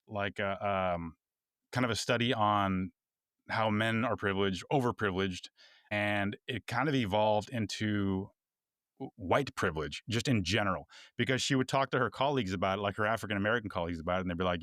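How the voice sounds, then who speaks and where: A man's voice: fairly low pitch, brisk, fairly bright tone, no room sound, studio quality. Laid-back chuckling Texan man. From Texas. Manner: rambling with many restarts, chuckling asides. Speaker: podcast co-host. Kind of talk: casual conversational podcast.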